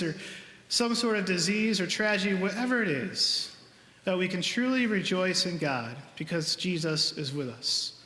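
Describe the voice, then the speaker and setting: Bright-voiced priest in a reverberant church. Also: male voice, sits high. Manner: earnest, conversational storytelling. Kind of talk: homily. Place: large church. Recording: echoey church with long reverb.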